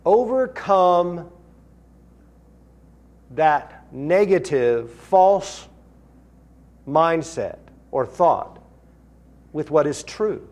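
A man preaching a sermon, reading scripture aloud with rising force and dropping low and quiet to stress key words. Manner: earnest, rises in pitch and volume when reading scripture, drops low for emphasis. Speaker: pastor.

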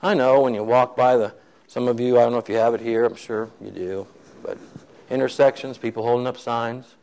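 Gravelly-voiced man preaching a story. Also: medium pitch, brisk, poor audio. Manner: animated storyteller acting out quoted voices. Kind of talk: sermon storytelling.

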